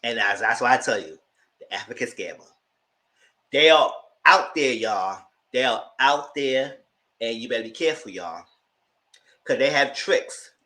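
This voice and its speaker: A man's voice: medium pitch, rough recording. A man casually recapping a reality TV episode, telling it as a story and acting out the people's lines. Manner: animated storytelling, acting out quotes. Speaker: TV show reviewer.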